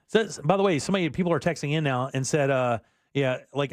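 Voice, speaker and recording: Talk radio host guy, kinda high voice, chatty, laughs a lot, dead dry studio mic. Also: fast, no room sound. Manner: chatty, laughs easily, reads listener texts aloud. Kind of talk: casual talk-radio banter.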